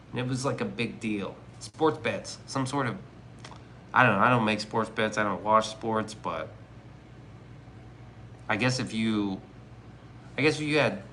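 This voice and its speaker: A man's voice: on the low side, fairly bright tone, slight background noise. A man streaming live, chatting casually with his viewers in joking, profane, rambling banter. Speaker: livestreamer reading chat. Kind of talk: casual livestream chat.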